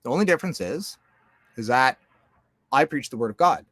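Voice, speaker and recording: A man's voice: animated, normal speed, dry recording. Swearing man rambling, dry close sound. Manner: profane, rambling, emphatic; swings between loud outbursts and low mutters. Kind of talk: casual monologue.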